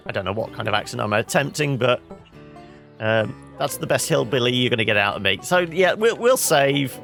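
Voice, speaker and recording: Bright-voiced man chatting over gameplay. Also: medium pitch, animated, a little fast, gravelly, faint music behind. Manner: rambling, self-correcting, wry. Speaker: gameplay video host. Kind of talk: let's play commentary.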